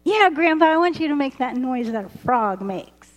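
A woman voicing an excited, adorable little girl with a high, squealing voice. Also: moderate pace, lo-fi sound. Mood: pleading. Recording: roomy hall reverb.

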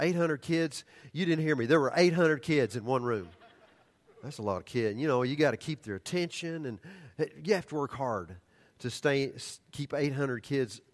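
An older man preaching a sermon, telling stories animatedly and then dropping to hushed, earnest tones. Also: on the high side, fairly quick. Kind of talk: sermon storytelling.

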